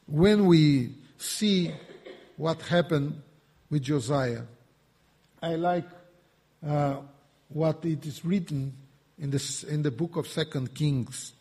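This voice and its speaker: Slow, mellow-voiced man preaching in a hall. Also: fairly high pitch, husky. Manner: emphatic, repetitive preaching with rising bursts. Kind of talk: sermon. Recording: reverberant hall.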